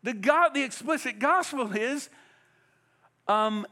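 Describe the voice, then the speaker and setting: A man preaching a Sunday sermon in a high, bright voice. His pitch swings widely as he presses the congregation with direct, emphatic questions. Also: animated, slow. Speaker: pastor.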